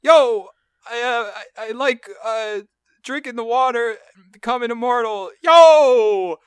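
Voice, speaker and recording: A man doing a halting, rambling impression of a young skater dude. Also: extremely high pitch, clean tone, no room sound, studio quality, pitched above the performer's own voice. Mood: goofy.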